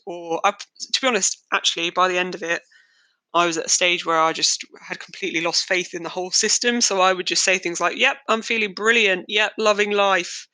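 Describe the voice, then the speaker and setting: A woman's voice: medium pitch, bright, forceful tone, no room sound, low-quality recording. A young woman, hosting a podcast and telling her own story in a candid, wry, darkly joking way. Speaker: podcast host. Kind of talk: personal storytelling monologue.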